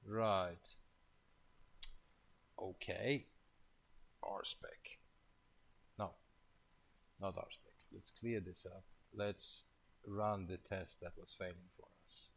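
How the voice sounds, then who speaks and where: A programmer leading a live coding session thinks aloud, muttering casual, half-finished, mildly profane remarks to himself. His low voice is steady, very slow, and creaky, broken by long pauses. The audio is poor.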